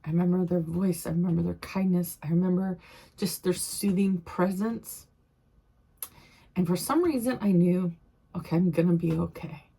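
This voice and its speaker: A middle-aged woman tells a personal story to her vlog audience in a low, gravelly voice with a husky edge. She speaks haltingly, circling back over her own phrases as the emotion shows through. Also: fairly even intonation, warm tone. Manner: halting, repeats phrases, tearful at times. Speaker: vlogger.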